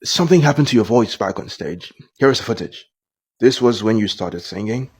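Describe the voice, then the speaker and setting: A man doing a soft-spoken, calm band manager. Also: breathy edge. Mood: calm reassuring. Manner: soft, low, reassuring, measured.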